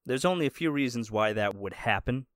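A man's voice: medium pitch, lively intonation, fairly quick, fairly bright tone, dry recording. A man narrating as game master in a tabletop game, casual and chuckling, with faint music behind.

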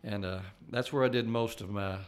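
Older man, somewhat low pitch, earnest testimony, halting delivery, frequent restarts. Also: steady tone. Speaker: layman giving a faith testimony. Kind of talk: personal testimony.

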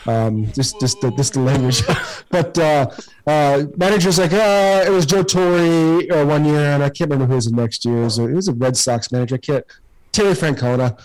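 A man in his forties, a retired pro ballplayer, telling stories in a loose, rambling way. He leans on fillers, swears freely, and speaks in a somewhat high voice. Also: moderate pace, darkish tone, rough recording. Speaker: former pro baseball player, guest. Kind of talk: casual storytelling.

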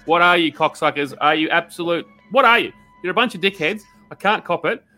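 A blunt Australian man rants with mock outrage through a comedy podcast segment, swearing freely. His voice is bright and sharp. Faint music plays underneath. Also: fairly high pitch, expressive, brisk. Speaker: podcast co-host.

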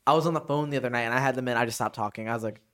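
A young man in college, co-hosting a casual podcast and telling stories in a chatty, animated way. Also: mid-range voice, very fast. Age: young adult. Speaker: podcast co-host. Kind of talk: casual chat.

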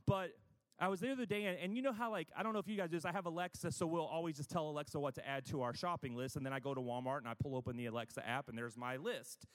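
A man's voice: fairly high pitch, big-room sound. A man preaching a conversational sermon, chatty and self-deprecating, with frequent asides.

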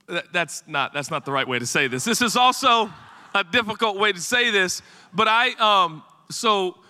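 Chatty bright-voiced man preaching, hall echo. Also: high voice. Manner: animated and chatty, rambling asides to the congregation. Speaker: pastor. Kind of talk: storytelling sermon. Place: church sanctuary. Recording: long hall reverb.

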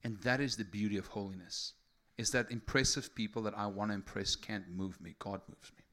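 A man's voice: lowish voice, fairly even intonation, brisk. A man preaching a sermon. He talks casually at first, then builds to fervent, raised delivery. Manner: conversational, builds to fervent shouting.

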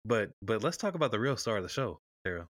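A man's voice: lowish voice, sing-song, fast, fairly bright tone, no echo, clean studio sound. A man co-hosting a podcast, chatting loosely and steering the talk back to his topic. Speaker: podcast co-host. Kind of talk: casual sports chat.

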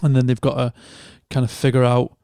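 A man's voice: medium pitch, a little fast, vocal fry, clear, resonant tone, dry recording, studio quality. A man with a Northern English accent, a podcast co-host telling a long story in casual, sweary chat and acting out the people in it. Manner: sweary, animated storytelling with quoted voices.

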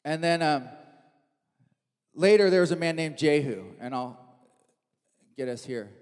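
A man's voice: on the high side, measured pace, a little mellow, smooth. A man preaching a sermon in a church hall, telling the story with animation and acting out the quotes.

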